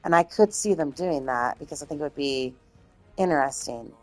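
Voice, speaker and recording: Woman streamer, low pitch, slightly hoarse, loose rambling chat with swearing. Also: brisk, no echo. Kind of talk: casual chat.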